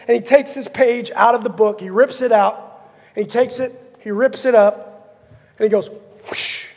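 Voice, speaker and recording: A man with a strikingly high-pitched voice and a rough, gravelly edge delivers an animated sermon. He tells the story with energy and acts out the characters. His words hang in the long reverb of a church sanctuary. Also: normal speed. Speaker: pastor.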